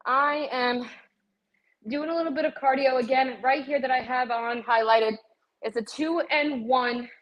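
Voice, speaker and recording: A fairly high-voiced woman runs a live shopping stream while working out in her home gym. She is winded and huffing between phrases, yet keeps chatting casually to her viewers. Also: lo-fi sound. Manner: chatty, talks straight to viewers as "guys". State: out of breath from cardio. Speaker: livestream host showing fitness products.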